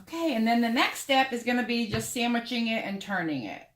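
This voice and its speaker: Brisk and expressive, her slightly high, somewhat bright voice guides a sewing and painting tutorial. The craft vlogger chats casually with the viewer while she works.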